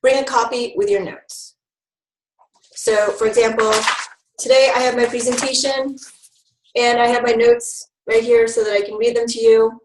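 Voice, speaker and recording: A woman's voice: on the high side, steady tone, normal speed, a little mellow, reverberant, a little hiss or hum, low-quality recording. A woman giving an online training talk to new health educators, upbeat and instructive, with frequent ums.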